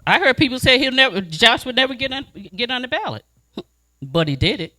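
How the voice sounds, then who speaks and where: A woman advocate speaks at a community meeting with a very bright, cutting tone. She tells her stories with animated, blunt emphasis. She keeps pressing her points hard. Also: fairly high pitch, a little fast. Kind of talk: impassioned speech at a community meeting.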